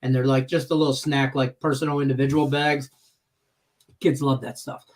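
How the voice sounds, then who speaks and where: A man's voice: mid-range voice, level tone, normal speed. A man hosting a casual live stream chat, rambling and chatty, often laughing as he tells stories. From Detroit, Michigan. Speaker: host.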